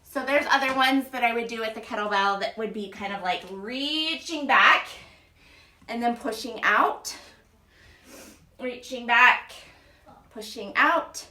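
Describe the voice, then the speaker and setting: Here a mother runs a laid-back home exercise session, cheerful and talkative, calling out each rep. She speaks slowly with long pauses, her voice a little high and sharp-toned. It's recorded in an echoey room from a distance.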